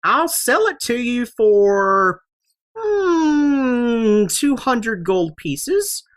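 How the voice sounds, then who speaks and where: Brash old alchemist lady, as the game master puts her on, high-pitched, cackling, crude. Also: very animated, drawn-out words, full character voice. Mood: bargaining. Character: sassy old female alchemist.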